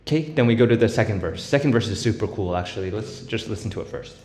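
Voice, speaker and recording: A man with a somewhat low voice walks through a beatboxing lesson in a relaxed, step-by-step way. He fills his talk with "um" and "right?" and breaks into short vocal sound demos. The room is echoey, with a long reverb tail behind every phrase. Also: quick pace. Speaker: beatbox tutor. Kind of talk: casual tutorial explanation.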